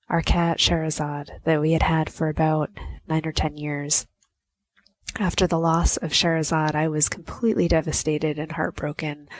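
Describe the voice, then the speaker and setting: A woman's voice: deep voice, no echo. A woman podcast host telling a personal story in a conversational way, often saying "you know.".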